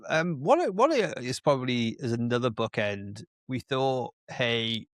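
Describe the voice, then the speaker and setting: A man's voice: medium pitch, lively intonation, measured pace, no room sound. A man co-hosting a casual podcast, rambling, with lots of restarts. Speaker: podcast co-host.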